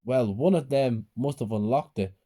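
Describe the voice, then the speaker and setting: A man's voice: medium pitch, moderate pace, warm tone, natural voice. A man voicing a bullied boy who pleads with his family, his voice raised and strained. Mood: pleading.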